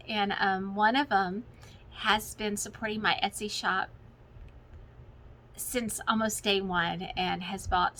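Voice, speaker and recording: A middle-aged woman gushes to her viewers in an excitable, filler-filled chat. Her voice is bright and clear, with a faint hum of home ambience behind her. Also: mid-range voice, poor audio. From Texas. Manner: gushing and excitable, many fillers. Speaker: cross-stitch vlogger. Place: home, with children and TV in the background.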